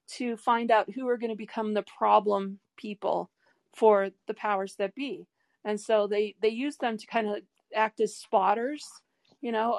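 A woman's voice: on the high side, no echo. A woman hosting an interview, speaking in an earnest, opinionated way. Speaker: host. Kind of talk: interview conversation.

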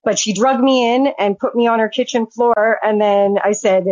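A woman's voice: fairly high pitch, fairly even intonation, moderate pace, a little mellow, dry recording. A woman recounting a personal story as a guest, speaking frankly and swearing freely. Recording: dull, dry lo-fi sound.

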